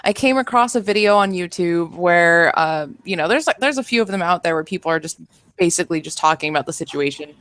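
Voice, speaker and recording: A woman in casual group voice chat who talks blunt and quick and swears heavily. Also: on the low side, expressive, a bit bright, smooth, no echo. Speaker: livestream guest.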